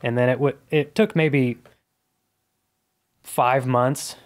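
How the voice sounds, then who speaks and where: A man's voice: mid-range voice, steady tone, slow. Earnest man telling his story. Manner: earnest, reflective. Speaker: podcast guest, comedian. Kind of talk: casual interview storytelling.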